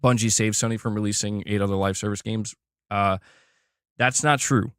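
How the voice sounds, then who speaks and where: A man's voice: fairly low pitch, fairly even intonation, moderate pace, a bit bright, smooth, no echo, studio quality. A man giving blunt, opinionated commentary on gaming news, emphatic and repeating himself as he pushes his point.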